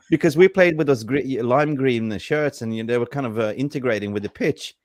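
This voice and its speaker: A man hosting a casual football reaction show, excitable and full of "like, you know" fillers. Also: mid-range voice, moderate pace. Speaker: host.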